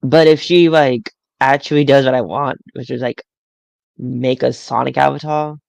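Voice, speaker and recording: A man's voice: medium pitch, steady tone, moderate pace, vocal fry, a little mellow, dry recording. A man chatting casually on a live stream as a toy collector, rambling and often stammering over his words.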